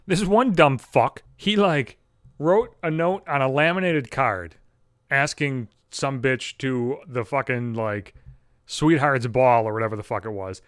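A man's voice: medium pitch, a little slow, no room sound, clean studio sound. A young man ranting crudely and with exasperation on his podcast, swearing constantly. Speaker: podcast host. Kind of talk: profane comedic rant.

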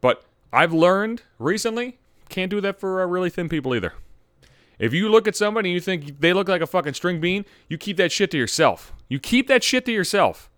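Animated, profane man hosting a podcast. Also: high voice, brisk, dry recording, clean studio sound. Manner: vulgar, animated ranting with mock outrage. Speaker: podcast host. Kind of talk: profane comedic monologue.

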